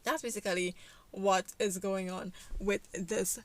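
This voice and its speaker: A woman's voice: medium pitch, steady tone, a little slow. A woman narrating a life-sim game story in a chatty, casual way, filling her speech with "like". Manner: chatty, with many fillers like "like".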